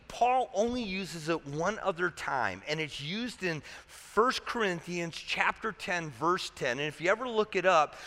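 A man's voice: sits high, bright, forceful tone. A man preaching a sermon as a pastor, talking conversationally and asking the congregation rhetorical questions. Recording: echoey hall reverb.

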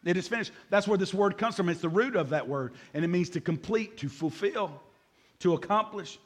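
A man preaching a sermon as pastor, energetic, repeating key words and joking with the congregation. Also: high-pitched, moderate pace.

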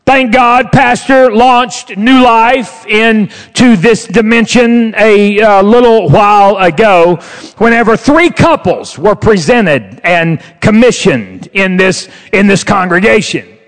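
A man preaching a sermon with emphatic, drawn-out stressed words. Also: high-pitched, lively intonation, a bit bright. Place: church sanctuary. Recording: long hall reverb.

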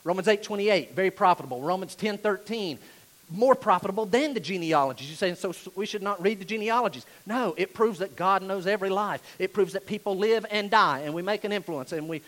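A man delivering a sermon in a church, his voice pitched high for a man. He leans hard on repeated phrases and lets his volume rise and fall sharply. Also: animated, fairly quick, low-quality recording. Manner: emphatic, repeats key phrases, varies loudness widely. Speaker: pastor.

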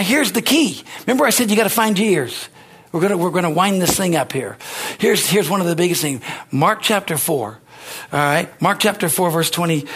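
A man's voice: sits high, a bit bright, slightly rough. A man preaching a sermon, exhorting his listeners with rising energy, rambling at times with restarts.

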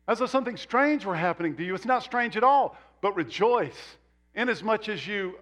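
A male pastor preaching a sermon in a church, animated and emphatic, with sudden jumps up in pitch on key words. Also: moderate pace, faint music behind. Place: church sanctuary.

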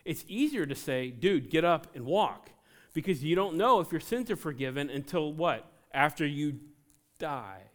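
A man preaching a sermon to a congregation, animated, with joking asides between scripture readings. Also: a little high, normal speed. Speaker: pastor.

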